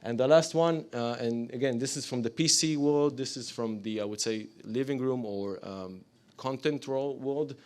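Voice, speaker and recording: A man's voice: mid-range voice, normal speed. A man presents his startup to a live audience, hesitant, with many fillers and apologetic asides. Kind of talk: business pitch to a live audience.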